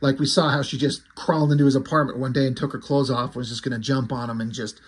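A man casually recapping a comic book, excited, loose and a bit profane. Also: medium pitch, quick pace, slightly rough.

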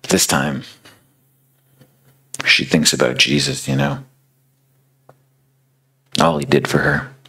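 Male preacher, young, deep husky voice, slow conversational storytelling. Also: very animated, a bit bright. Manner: conversational, many fillers like "you know". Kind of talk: storytelling sermon.

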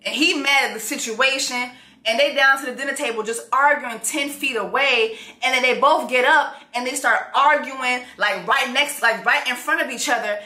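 A woman recapping a TV show in a casual, comedic way, full of slang, who acts out characters in high voices. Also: moderate pace, sharp tone, roomy sound.

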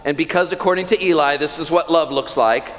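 A man's voice: fairly high pitch, fairly quick, fairly bright tone. A man in his thirties preaching a sermon as pastor into a church microphone, telling stories and acting out his children's voices. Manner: storytelling, acts out children's voices. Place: large church sanctuary. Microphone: church sound system mic. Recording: long church hall reverb.

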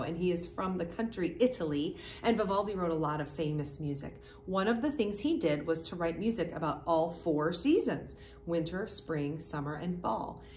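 A woman teaching a kindergarten music class, talking slowly and clearly to small children and encouraging them to join in. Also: on the low side.

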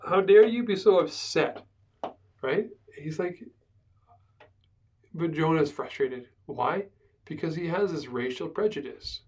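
A man's voice: mid-range voice, a little mellow. Man lecturing from a distant mic. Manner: conversational, with frequent "right?" asides and restarts. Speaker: pastor teaching a Bible survey course. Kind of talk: casual classroom lecture. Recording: speaker far from the mic.

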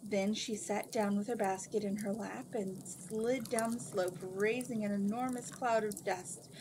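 A woman reads a novel aloud in a steady, mid-pitched voice. She trips over a word now and then and corrects herself. A noticeable hiss runs under the home recording. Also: measured pace. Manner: steady reading with small stumbles and self-corrections. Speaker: book reader.

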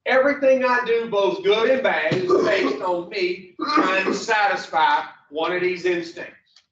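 A man's voice: sits high, measured pace, a bit bright, a little hiss or hum. A man teaching a recovery program class in a blunt, profane, joking way, telling folksy stories. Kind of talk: folksy storytelling lesson. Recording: distant, roomy, muffled.

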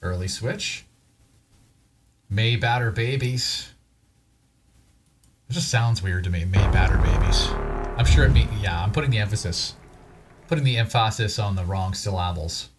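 A man's voice: fairly low pitch, fairly quick. A man hosting a gaming channel, casually commenting as he opens card packs, with a wry, self-deprecating way of thinking aloud. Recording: voice over loud background music.

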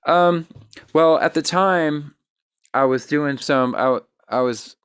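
A man's voice: a little high, takes it slowly, a bit bright, smooth. A man hosting an interview over a video call, chatting in an easygoing way with fillers and restarts. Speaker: podcast host. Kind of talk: casual interview chat.

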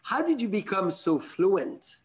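Male host, high voice, theatrical and flattering, on a video call. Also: a little slow. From France. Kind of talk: live video interview.

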